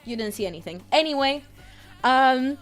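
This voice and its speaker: A young woman in her twenties hosting a live stream, her voice sitting a touch high. She chats casually and excitably, gushing over her viewers while admitting her nerves, with faint music playing underneath. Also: normal speed. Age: 20s. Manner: excitable, gushing greetings to chat; nervous, self-conscious chatter.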